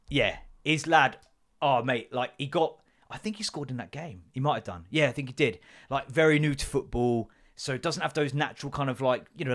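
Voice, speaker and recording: His voice sits at medium pitch with a fairly bright tone as he hosts a casual podcast on his own. The man, in his thirties, tells sweary, joking stories and breaks into mock voices.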